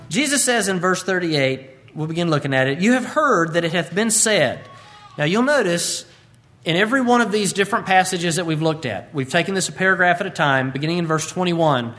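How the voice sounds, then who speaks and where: A man preaching an expository sermon as a pastor. He reads scripture in a measured King James cadence, then explains it briskly and emphatically, with rhetorical questions. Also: fairly high pitch, expressive, fairly bright tone.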